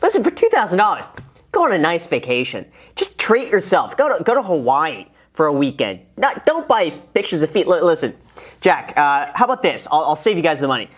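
Chatty man reacting, lively pitch. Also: fairly quick. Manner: chatty, incredulous, with restarts and asides to a producer. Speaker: host reacting to clips. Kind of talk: casual reaction commentary.

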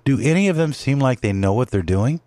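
A man's voice: medium pitch, lively intonation, brisk, dark tone, no room sound. A man hosting a podcast, giving a rambling, opinionated commentary monologue with many fillers and restarts. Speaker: podcast host. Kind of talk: casual political commentary monologue.

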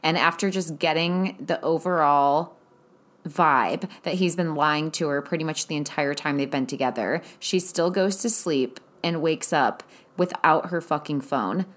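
Young woman with a low voice, swearing and venting her way through a show recap. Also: measured pace, a bit bright. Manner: blunt, profane, exasperated commentary. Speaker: recap host. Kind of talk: casual TV recap monologue.

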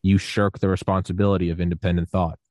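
A man's voice: low-pitched, little pitch movement, fast talker, a little mellow, no echo, clean studio sound. A man hosting a podcast in casual conversation, reflective and agreeing. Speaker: podcast host.

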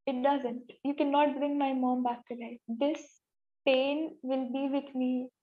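A young woman tells a personal story in an emotional, halting way, often repeating herself. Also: high-pitched, little pitch movement, narrow, tinny audio.

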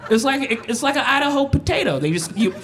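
A woman doing a profane, animated stand-up set on a live stage, breaking into mimicked voices as she tells stories. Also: sits high, fast talker, a faint crowd. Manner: animated, profane, mimics others mid-story. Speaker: stand-up comedian. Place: stage at a live festival event.

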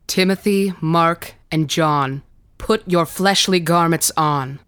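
A woman's voice: on the high side, a little mellow, no echo, voice pushed up. A woman voicing a weary old male bishop who speaks in a solemn, commanding way. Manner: commanding, slow incantation.

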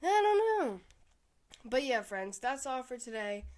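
A woman's voice: fairly high pitch, a little slow. A young adult woman hosting her own podcast, chatting casually and candidly, rambling with lots of "like" and frequent laughs. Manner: rambling, candid, laughs often, says "like" a lot. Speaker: podcast host. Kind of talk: casual solo podcast chat.

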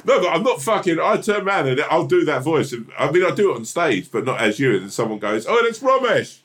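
Co-host, bloke, very lively up-and-down delivery, sweary, rambles and restarts, casual chat energy. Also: male voice, fairly high pitch, fast talker. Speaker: podcast co-host.

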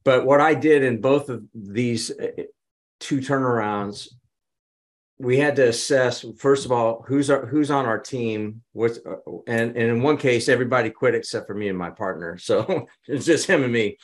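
An animated man recounts business turnarounds in a conversational interview. His voice sits in a middle register, and he acts out the lines he quotes. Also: medium pitch, moderate pace. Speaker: business consultant guest. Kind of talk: conversational storytelling.

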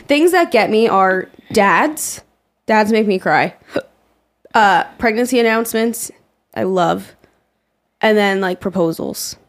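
Woman with a lively, gravelly voice. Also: medium pitch, slow, long pauses. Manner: expressive, laughs and gasps often. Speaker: podcast co-host. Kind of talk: casual chat.

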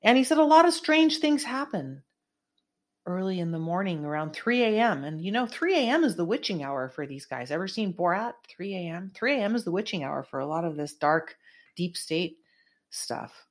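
A middle-aged woman from California talks through her online show in a rambling, emphatic monologue, jumping between points with many asides. Her voice sits somewhat low. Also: very animated, normal speed. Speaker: host of an online commentary show. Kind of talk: casual political commentary monologue.

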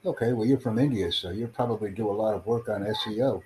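A man hosts his own livestream podcast in the United States, chatting casually with callers in a rambling, repetitive, self-promoting way. His voice is fairly low and fast, with background noise.

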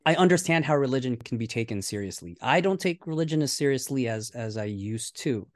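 A man's voice: medium pitch, fairly quick, no echo, clean studio sound. A man in casual conversation, recapping a reality show and acting out what people said. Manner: animated, acts out quotes in a raised voice.

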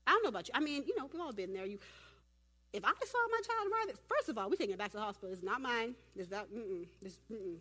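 A woman preaching at a church women's event, animated and humorous, talking directly to her audience. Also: medium pitch, racing, few pauses. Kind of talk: sermon.

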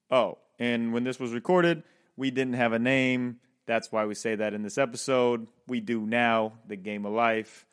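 A man hosting a podcast, giving an upbeat, hyped-up introduction. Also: medium pitch. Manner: upbeat, hyped, jokes with put-on accents. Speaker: podcast host and life coach.

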